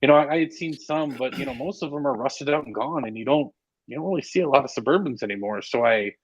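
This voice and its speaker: A man speaking as a podcast guest from a hotel room, talking casually with frequent hesitant filler pauses. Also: medium pitch, breathy edge, no room sound, lo-fi sound.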